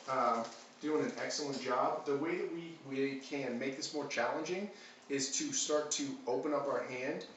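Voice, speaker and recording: A man teaching dog training, explaining a clicker exercise calmly and steadily, with frequent ums and uhs. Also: medium pitch, slight background noise. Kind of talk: instructional demonstration. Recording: echoey room, mic at a distance.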